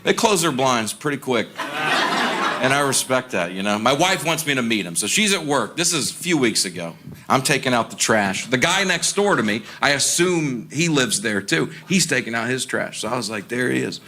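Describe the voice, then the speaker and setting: A man doing stand-up comedy, telling self-deprecating stories in a deadpan way and acting out other people's lines. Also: medium pitch, normal speed. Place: theater stage with a laughing audience. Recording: live show with audible audience noise.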